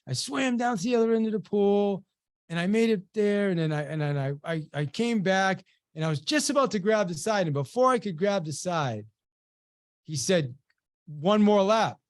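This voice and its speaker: A male sales trainer talks through a motivational story on a webinar, acting out each bit of dialogue with animated energy. His voice sits a little high. The video-call sound is dry and close, with no room echo. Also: moderate pace. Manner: animated storyteller who acts out quoted dialogue.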